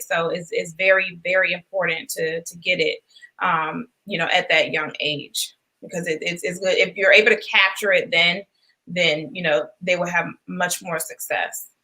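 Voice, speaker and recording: Casting: woman, kindergarten teacher, bright clear voice, sing-song story reading. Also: on the low side. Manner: guest in casual chat, with fillers. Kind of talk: reading aloud to children.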